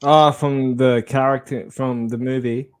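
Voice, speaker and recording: A man's voice: medium pitch, little pitch movement, unhurried, clean tone. A man co-hosting a casual podcast, chatting loosely and swearing freely. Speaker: podcast co-host.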